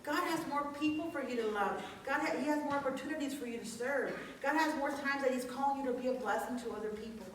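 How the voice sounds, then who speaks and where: A woman's voice: sits high, quick pace, few pauses, recorded from a distance, slight background noise. A woman preacher giving a chatty, earnest sermon, full of fillers and restarts. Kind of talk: conversational sermon. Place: church. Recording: echoey church hall from afar.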